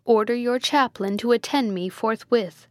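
A woman's voice: on the high side, moderate pace, darkish tone, no room sound, close to an everyday voice. A woman voicing an imperious, cruel medieval prince in a Gothic audiobook reading, curt and commanding.

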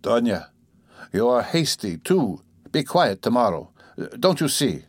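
A man's voice: mid-range voice, sing-song, unhurried, dry recording, clean studio sound. A man voicing an anxious, tearful middle-aged mother who pleads timidly.

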